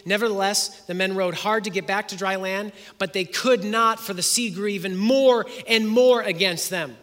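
A man delivers an expository sermon in a high, bright voice. He reads scripture and retells the story in first person, pausing to ask his listeners questions. The recording carries a long hall reverb. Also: fairly even intonation. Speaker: preacher.

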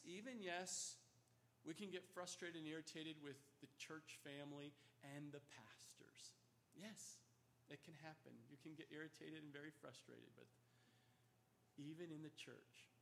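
Bright high-pitched preaching man. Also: vocal fry, slight background noise. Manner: earnest preaching, swings between soft low asides and raised emphasis. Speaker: pastor. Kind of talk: sermon.

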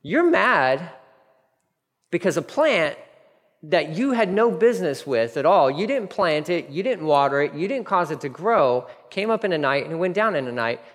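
A man's voice: on the high side, lively intonation, normal speed, close to an everyday voice. A man voicing God rebuking a sulking prophet with incredulous, pointed questions. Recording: long hall reverb.

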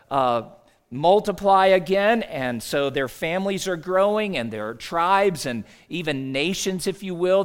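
A pastor with a fairly high voice delivers a conversational sermon, posing rhetorical questions and reading scripture aloud.

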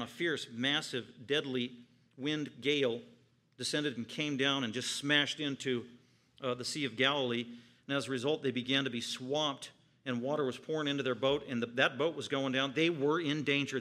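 A male pastor preaching a sermon, emphatic and repeating phrases for stress, swinging between loud peaks and quiet low stretches.

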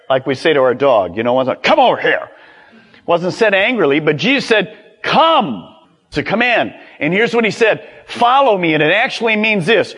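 An older man preaching a sermon as pastor, animated and acting out quoted voices. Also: a little high, long reverb tail.

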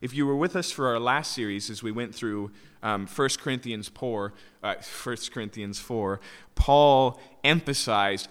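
Speaking at a measured pace, this male pastor has a medium-pitched voice that is fairly bright and clean. His sermon in the sanctuary leans on emphatic explanation and rhetorical "right?" questions, all wrapped in the long reverb of the church hall.

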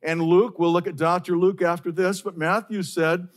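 A man's voice: high-pitched, fairly even intonation, normal speed. A man preaching a sermon to his church in an earnest way, stressing his points by saying them again. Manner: earnest, repeats key phrases for emphasis. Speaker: pastor.

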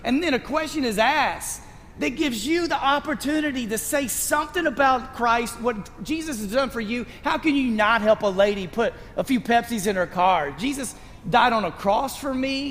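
A man's voice: very high-pitched, expressive, normal speed, a bit bright, long reverb tail, slight background noise. A male pastor preaching a sermon in a conversational, storytelling way.

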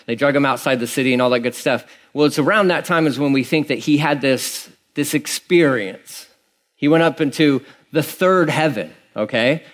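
A man preaching from the pulpit in an easygoing, conversational way. He wanders through asides and fillers rather than sounding polished. His voice sits at an ordinary middle pitch for a man. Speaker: pastor. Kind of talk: sermon.

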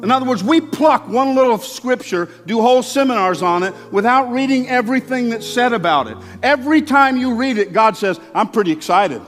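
In a church sanctuary with long hall reverb, a high-voiced male pastor delivers a sermon in a conversational preaching style, animated and brisk with hardly any pauses. He swings between loud, forceful emphasis and soft, intimate asides while faint instrumental music plays low behind him.

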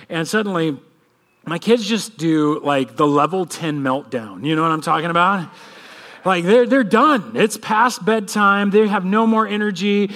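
A man in his thirties, a pastor, praying and then preaching with a lively personal story. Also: fairly high pitch. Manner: animated storytelling, acts out kids' voices. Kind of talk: sermon with prayer and personal story.

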